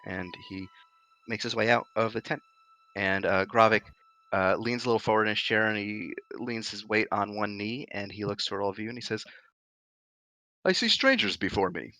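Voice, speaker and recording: A man runs a tabletop role-playing game as game master, narrating what the characters do. His voice is lowish and bright, with a sharp edge. He talks casually, with plenty of fillers. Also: flat delivery, a little fast.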